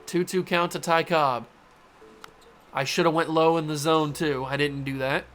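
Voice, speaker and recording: Man, gaming host, casual baseball game play-by-play, fairly high voice, cheers on his players, corrects himself, faint background music. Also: fairly even intonation, normal speed, a bit bright.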